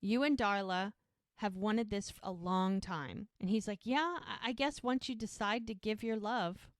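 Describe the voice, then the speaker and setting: A woman's voice: medium pitch, a little slow, dry recording, studio quality. A woman co-hosting a podcast, casually recapping a TV episode and acting out the characters' lines as she retells scenes, laughing now and then. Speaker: podcast co-host.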